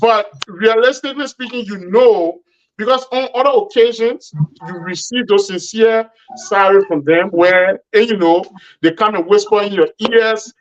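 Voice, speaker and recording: Animated high-voiced man on a lo-fi line. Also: normal speed. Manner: animated, acts out quoted speech. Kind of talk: radio call-in discussion.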